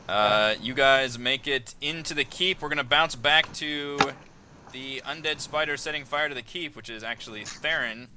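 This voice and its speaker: A man runs a tabletop game with a very bright, cutting voice, lively and quick to jump into high yelps for side characters. Faint noise sits behind him. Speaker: dungeon master.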